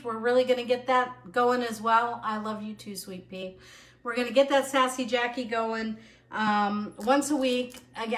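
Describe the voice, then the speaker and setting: A woman's voice: a little high, a bit bright, roomy sound. A middle-aged woman hosting a live home cooking show, bubbly and chatty, laughing at herself as she goes. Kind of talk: live cooking stream, casual chat. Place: home kitchen.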